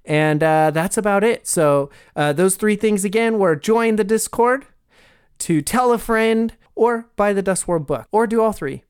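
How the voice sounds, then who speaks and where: A man's voice: sits high, measured pace, reverberant. A man hosting a podcast and narrating a tabletop game in an upbeat, loose, filler-heavy way.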